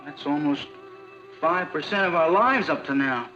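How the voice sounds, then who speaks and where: An awkward, jealous teen boyfriend. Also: male voice, a little high, moderate pace, sharp tone. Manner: awkward, earnest. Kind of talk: 1960s sitcom acting. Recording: lo-fi TV audio with faint music.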